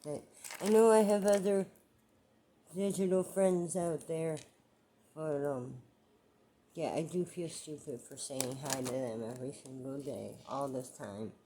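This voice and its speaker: Her voice low, steady and dark, with a little hiss or hum in the audio, a woman takes her time vlogging about her life. The emotional monologue wanders, and she says things again as she grows frustrated.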